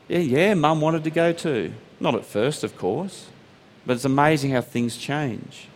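A man preaching a sermon, telling stories and letting his voice climb high on emphatic points. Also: unhurried. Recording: long hall reverb.

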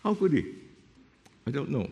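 A man's voice: mid-range voice, moderate pace, creaky. Man preaching in an echoing hall. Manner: expository Bible teaching, reading verses aloud; lively, with sudden drops to a hushed voice. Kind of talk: sermon. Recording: long reverb of a hall.

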